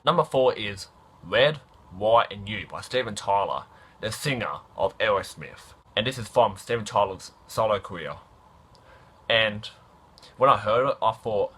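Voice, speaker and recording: Guest male reviewer, lowish, husky yet bright voice, offhand rant. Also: expressive, measured pace, long pauses. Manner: offhand, keeps saying "mate". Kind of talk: casual ranting review.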